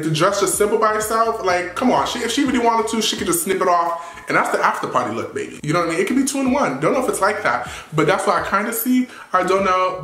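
A man giving sassy, animated red carpet fashion commentary full of playful slang. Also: a little high, roomy sound.

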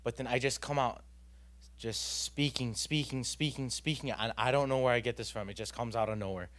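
Young guy telling his church story, earnest, lots of um and like, ordinary pitch. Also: fairly even intonation, a little fast, a bit bright. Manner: earnest, rambling, many fillers and restarts. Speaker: student youth leader giving testimony. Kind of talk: personal testimony. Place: church youth gathering.

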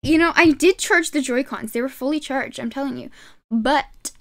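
A woman's voice: high voice, normal speed. A woman streamer chatting and giggling through casual gameplay commentary, talking to her viewers from a desk microphone at home. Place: home gaming setup.

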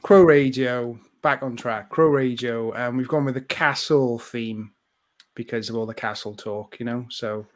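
A man's voice: medium pitch, unhurried. A man in the middle of his vocal range, chatting loosely as a podcast co-host. He rambles and jokes his way through the segment and keeps it playful. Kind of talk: casual banter.

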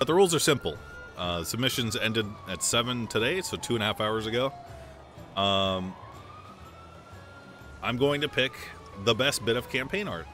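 Bright-voiced, profane livestreaming man. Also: mid-range voice. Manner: profane, joking, laughs often. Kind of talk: casual stream chat.

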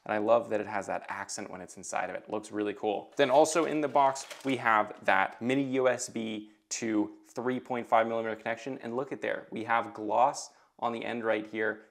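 A man's voice: on the low side, normal speed, vocal fry, hardly any pauses. Enthusiastic male tech reviewer. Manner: enthusiastic, thinking aloud while handling the product. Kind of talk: unboxing and product review; scripted review narration.

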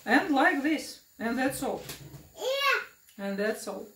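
A woman's voice: a little high, lively intonation, takes it slowly. A young woman with a Russian accent, talking casually in broken English in a cooking vlog, hesitant with many fillers and restarts. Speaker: family vlogger. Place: home kitchen. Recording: echoey room, distant mic, audible noise.

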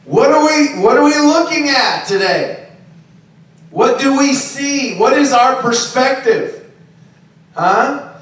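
A man's voice: very high-pitched, lively intonation, takes it slowly, long pauses, a bit bright. A man preaching a sermon in a conversational style, often checking in with listeners by asking "okay?" and "right?". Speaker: pastor. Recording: very echoey, distant room recording.

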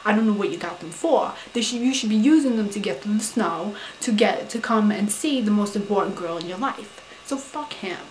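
Woman doing a loud young staten island girl, new york accent, cursing, indignant, roomy echo. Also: medium pitch, normal speed, slight background noise, lightly acted. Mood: indignant, ranting. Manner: loud, profane, indignant, full of "you know". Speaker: advice-giving vlogger character. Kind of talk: comic character monologue to camera.

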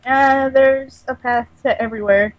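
A woman chatting excitedly while playing a multiplayer horror game, swearing and giggling. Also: sits high, measured pace, no room sound, muffled recording. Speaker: gamer. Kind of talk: casual multiplayer gaming chat.

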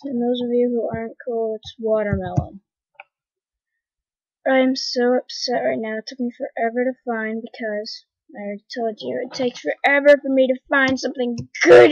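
A woman's voice: high voice, fairly even intonation, normal speed, dry recording. A woman giving dramatic, complaining gameplay commentary that breaks into panicked screams. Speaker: gamer. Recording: dull lo-fi home recording.

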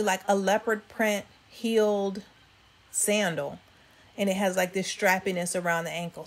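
A woman hosting a fashion vlog, chatting casually with viewers about outfits. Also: medium pitch. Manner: chatty, addresses viewers as y'all. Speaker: fashion vlogger. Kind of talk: casual styling commentary.

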